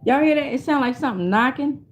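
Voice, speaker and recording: Woman, higher voice, tarot vlogger; loose and profane, laughs easily. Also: lively intonation, fast, slight background noise. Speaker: tarot reader. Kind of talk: casual tarot reading vlog.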